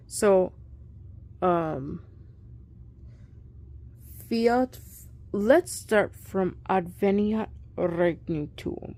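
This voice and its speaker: A woman casually practicing a recitation at home, thinking aloud, correcting herself and murmuring soft asides. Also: mid-range voice, expressive, extremely slow, long pauses. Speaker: Latin learner recording her practice. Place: bedroom at home.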